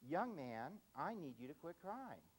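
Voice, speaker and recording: Man playing a steady, no-nonsense older clerk, firm and unhurried. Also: fairly high pitch, heavy background noise. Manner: calm, firm, measured. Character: calm, firm, older male ticket agent.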